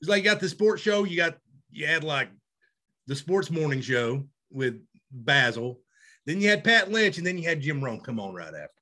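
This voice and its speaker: Lively, bright-voiced man. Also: a little high, normal speed. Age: 30s. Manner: animated, loud, self-mocking, laughs often. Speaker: podcast co-host. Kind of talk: casual chat.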